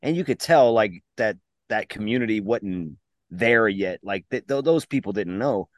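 Excitable, foul-mouthed male co-host. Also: fairly low pitch, normal speed, no echo. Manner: excitable, swears freely. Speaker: podcast co-host. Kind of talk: casual chat.

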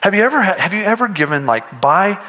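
A man's voice: high voice, very animated, fast talker, pushed and bright, low-quality recording. A man preaching a sermon, earnest and conversational, often restarting his sentences and pushing toward emphatic points. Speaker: pastor.

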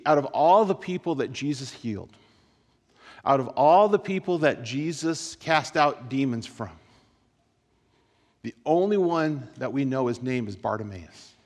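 Guy preaching to students, kinda high voice, lots of repeating, gets loud then real quiet, echoey hall. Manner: animated storytelling with repetitions, shifting between loud and hushed. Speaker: speaker at a school gathering. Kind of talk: sermon-style talk to students.

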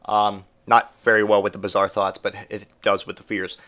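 Getting over a cold, a male podcast host delivers a casual comic monologue in a lowish voice at a moderate pace. He's an adult parent who grew up in the eighties, and he rambles, swears and stays animated, putting on mock voices for quotes.

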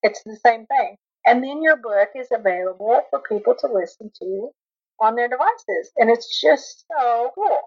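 A woman's voice: a little high, animated, normal speed. A woman with a Texas accent, a guest author talking eagerly with many restarts in a casual podcast interview. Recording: dull lo-fi audio.

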